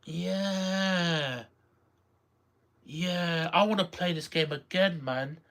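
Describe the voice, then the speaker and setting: A streamer casually reacting live to a game, excitable, repeating phrases and exclaiming. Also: medium pitch, extremely slow.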